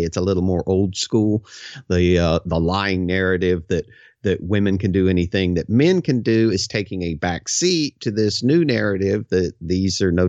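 Male co-host, low pitch, measured commentary, dull lo-fi feed. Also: a little mellow, dry recording. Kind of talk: opinionated commentary chat.

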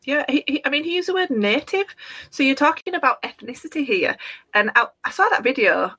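A woman's voice: sits high, lively intonation, brisk, pushed and bright. A woman guest on a discussion show, chatty and somewhat hesitant, laughing easily. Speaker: co-host guest. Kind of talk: casual political discussion. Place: Yorkshire.

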